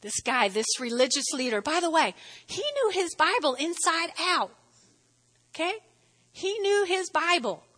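A woman pastor preaching with a high, bright voice that rings through a large hall with a long echo. She is playful and exclamatory, tossing in chatty asides. It sounds like a lively church sermon. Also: a little slow.

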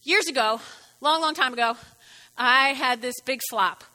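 Woman preacher, bright tense voice, echoes around a big hall. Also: high-pitched, a little slow. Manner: animated, playful, repeats points for emphasis. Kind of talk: sermon.

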